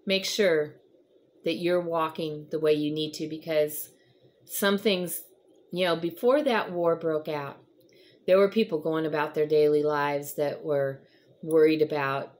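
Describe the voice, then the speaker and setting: Woman host, casual faith chat, slightly low voice, earnest, lots of fillers. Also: fairly even intonation, a little slow, darkish tone. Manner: conversational, rambling with frequent fillers; earnest, encouraging. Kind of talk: casual devotional talk.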